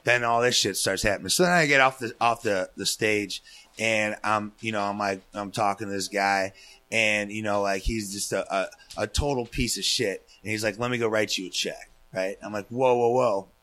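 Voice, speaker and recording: A man's voice: lowish voice, normal speed. A man casually telling a long story on a podcast, swearing freely and acting out what people said. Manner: profane, animated, acts out quotes. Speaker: guest storyteller.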